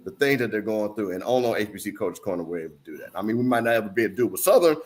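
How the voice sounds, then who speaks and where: A man's voice: on the low side, lively intonation, racing. A man hosting a sports talk show, teasing his co-hosts and laughing through a rambling sign-off. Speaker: show host. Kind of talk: casual sign-off banter.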